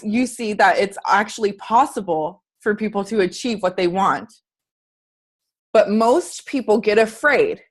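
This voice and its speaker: On a group video call, a woman fitness coach with a medium-pitched voice gives an earnest, chatty motivational talk and asks her listeners questions.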